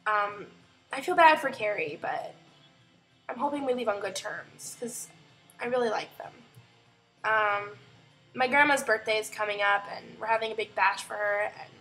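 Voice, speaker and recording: A woman's voice: mid-range voice, moderate pace, fairly bright tone, faint music behind, rough recording. A young woman from Indiana talking in a casual, heartfelt personal vlog, rambling with lots of fillers. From Indiana, USA. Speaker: vlogger.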